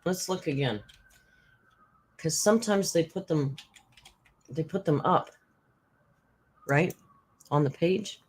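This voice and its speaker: A woman's voice: deep voice, slow pace, long pauses, darkish tone, a little hiss or hum. A woman hosting a reaction commentary, sarcastic and blunt, swearing freely. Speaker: commentary channel host.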